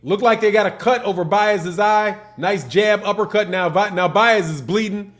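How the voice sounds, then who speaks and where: Laid-back high-voiced Chicago man. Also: moderate pace, a bit bright, soft background music. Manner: laid-back slangy talk, reading out chat messages. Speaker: livestream host. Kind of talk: casual livestream chat and fight commentary.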